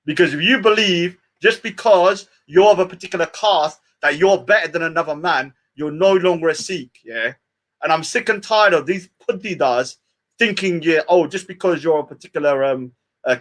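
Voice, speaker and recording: A man's voice: on the high side, moderate pace, a bit bright. Scornful man ranting on stream. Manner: scornful, repeats "yeah?" often. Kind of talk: heated live-stream rant.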